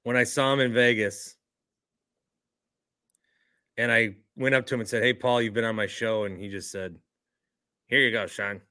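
A man's voice: mid-range voice, fairly even intonation, normal speed, pauses often, bright, forceful tone. A man joining a casual sports talk show, trading easygoing banter about games and players.

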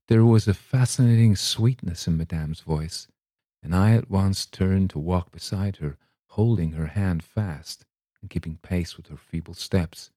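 A man reading a classic short story aloud in measured, scripted narration. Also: low voice, dark tone, no room sound, clean studio sound. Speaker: story reader.

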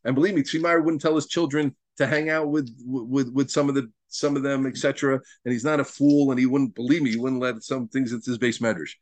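A man's voice: medium pitch, steady tone, fast, few pauses, no room sound. A rabbi giving a Torah lesson to a study group, emphatic and repeating words as he builds each point, with Hebrew and Yiddish terms mixed into his teaching.

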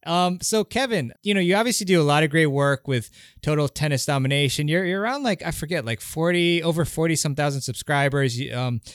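A man's voice: on the high side, lively intonation, brisk, no room sound, clean studio sound. A man hosting a podcast interview, friendly and a little hesitant, with many fillers. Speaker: podcast host.

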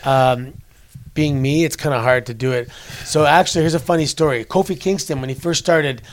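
Chatting at a New York wrestling convention, this Canadian ex-wrestler in his forties spins stories in a relaxed interview and keeps restarting his sentences. He speaks fairly quickly at a medium pitch.

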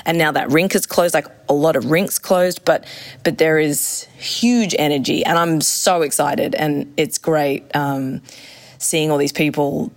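Enthusiastic woman, lively storytelling. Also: low voice, measured pace. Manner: enthusiastic, acts out quotes in shifting voices. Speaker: roller skating instructor. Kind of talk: casual interview chat.

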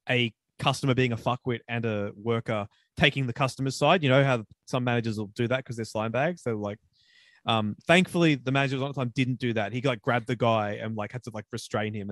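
A man's voice: dry recording, studio quality. A young Australian man in his twenties, co-hosting a podcast and telling a rowdy story in a casual, profane way. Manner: animated, profane, swings up high for quoted voices. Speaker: podcast co-host.

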